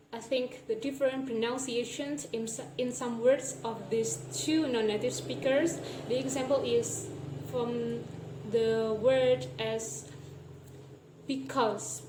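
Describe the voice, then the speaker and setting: Young woman student, slow halting class talk, echoey room, faint noise behind. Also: on the high side, mellow. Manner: slow, halting, self-correcting explanation. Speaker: student presenter. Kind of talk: class assignment presentation.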